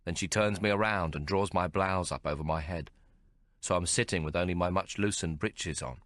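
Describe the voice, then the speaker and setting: A man narrating an audiobook in the first person, measured and descriptive. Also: low-pitched, fairly bright tone, dry recording.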